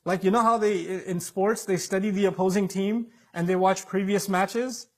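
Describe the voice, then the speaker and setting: A man's voice: high-pitched, steady tone, moderate pace. A man preaching a sermon with emphatic delivery, acting out the voices he quotes.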